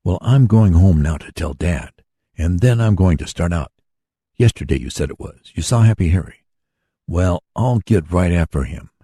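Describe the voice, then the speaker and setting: A man voicing an eager young male inventor in a storybook reading, brisk in manner. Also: deep voice, animated, dark tone, slightly rough, dry recording.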